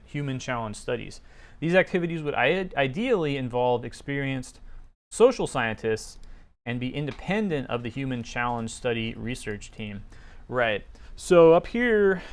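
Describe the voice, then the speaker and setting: A man casually reading aloud from a research paper and commenting on it with sarcastic, skeptical remarks and many fillers. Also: mid-range voice.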